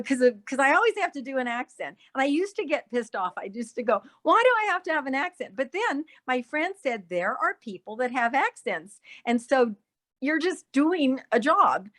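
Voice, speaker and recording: A woman's voice: sits high, expressive, normal speed, fairly bright tone. A woman guest telling stories from her acting career in a casual chat. She laughs often and slips into accents mid-story. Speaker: guest actress.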